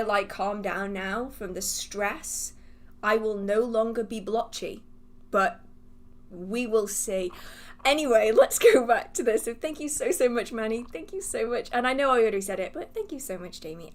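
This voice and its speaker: A woman hosting a casual livestream, talking straight to her viewers. Her voice sits a little high, and she laughs often as she pokes fun at herself. Her sentences trip and restart while she rambles on. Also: moderate pace. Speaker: livestream host answering viewer questions.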